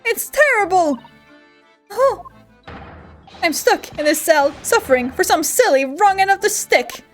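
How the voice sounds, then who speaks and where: A woman voicing an excitable, melodramatic young man who wails and stammers that he is cursed, while reading game dialogue aloud. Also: very high voice, a little slow, faint music behind, voice pushed up. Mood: indignant. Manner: wailing, theatrical, stammering outbursts.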